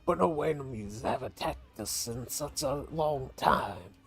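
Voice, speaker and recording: A man's voice: medium pitch, lively intonation, a little slow, vocal fry, faint music behind. A man voicing a bored, restless male gunner in a game.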